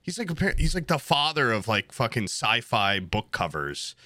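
A man's voice: mid-range voice, sing-song, normal speed, bright, forceful tone, no echo. A young man co-hosting a podcast, chatting casually in a rambling, profane, laid-back way. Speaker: podcast co-host. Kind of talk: casual chat.

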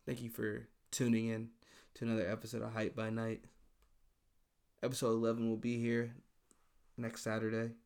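A man's voice: medium pitch, completely flat delivery, normal speed, vocal fry, pauses often, darkish tone, clean tone. A man hosting his own podcast, talking alone in a loose, profane, exasperated rant. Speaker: podcast host. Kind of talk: casual solo podcast monologue.

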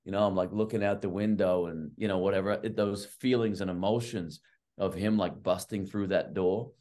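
Long-winded low-voiced man telling stories. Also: normal speed. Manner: animated and long-winded, heavy on fillers like "like" and "right". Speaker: guest, college basketball coach. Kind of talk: casual storytelling.

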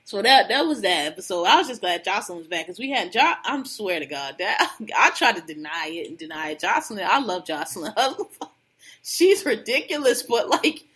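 A woman's voice: mid-range voice, big pitch swings, moderate pace, fairly bright tone, breathy edge. A woman co-hosting a casual podcast, gossiping bluntly about reality TV with lots of slang and laughter. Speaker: podcast co-host.

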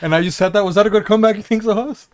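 A young adult man co-hosting a podcast rattles off rambling, profane stories in casual chat, often laughing at them himself. His voice is high-pitched and rapid-fire.

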